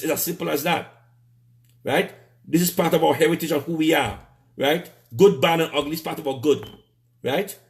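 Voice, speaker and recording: A man with a Trinidadian accent ranting on a live stream, heated and repetitive, stumbling over restarts and cursing. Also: on the high side. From Trinidad and Tobago. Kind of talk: angry live-stream rant.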